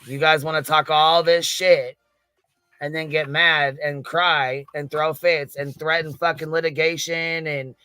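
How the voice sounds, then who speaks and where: Bright, crisp man ranting with profanity. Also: fairly high pitch, level tone, a little slow, no echo. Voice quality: swears constantly, incredulous ranting. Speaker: livestream commentator. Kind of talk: heated profane commentary.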